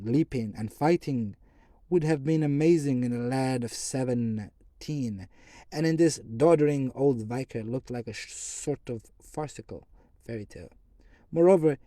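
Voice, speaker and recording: A male audiobook narrator with a dark, mellow voice reads in first person at a measured pace. He sometimes trips over a word and restarts it. The sound is dry and close. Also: mid-range voice, no room sound. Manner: measured reading with occasional stumbles and restarts.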